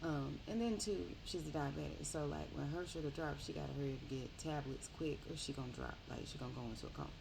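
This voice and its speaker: A woman casually retelling a book's plot in a rambling, animated way, often correcting herself. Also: sits low, fast, creaky, few pauses, noisy background. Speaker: book reviewer. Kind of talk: casual book review.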